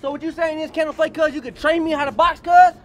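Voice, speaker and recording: A man's voice: very high-pitched, steady tone, fast talker. A man playing a cocky young gang member in a homemade comedy sketch, ending nearly every phrase with "cuz". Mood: boastful. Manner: says "cuz" constantly, boastful street talk. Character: cocky young male gang member wanting his scooter. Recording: noisy homemade video audio.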